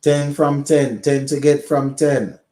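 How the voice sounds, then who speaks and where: A man's voice: fairly high pitch, fairly even intonation, slow pace, mellow, roomy sound. A man with a Caribbean accent commentating live on a cricket match for a watch-along stream. He laughs a lot and slips into local Creole.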